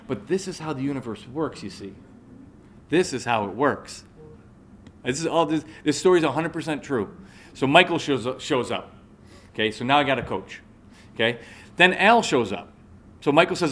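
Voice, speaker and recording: A man's voice: mid-range voice, expressive, normal speed, a bit bright. A man in his forties giving a live motivational talk to an audience, telling a personal story and often checking in with the listeners. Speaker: motivational speaker.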